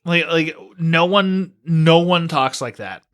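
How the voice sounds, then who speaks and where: A man hosting a podcast in casual chat, animated and firing off rhetorical questions. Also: fairly high pitch, slow, clear, resonant tone. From United States. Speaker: podcast host.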